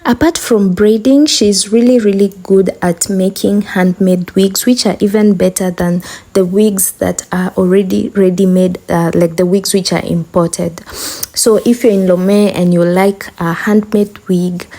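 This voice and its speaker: A young woman with a hoarse voice from a sore throat, chatting casually to her viewers in a vlog. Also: medium pitch, fairly even intonation, measured pace, mellow. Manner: chatty, addresses viewers directly. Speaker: vlogger.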